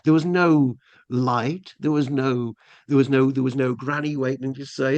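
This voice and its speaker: A man's voice: mid-range voice, a little slow. A middle-aged English man telling a long personal story as a podcast guest, rambling with lots of restarts and fillers. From England. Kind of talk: casual storytelling.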